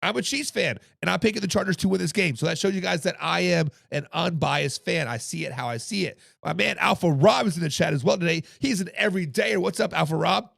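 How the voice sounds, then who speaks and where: A man hosts a casual sports talk live stream, chatting with viewers in the chat. His voice sits high and is heavily gravelly and hoarse. The recording is dry and close. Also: quick pace, hardly any pauses, fairly bright tone, no room sound. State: hoarse from coaching. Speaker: podcast host.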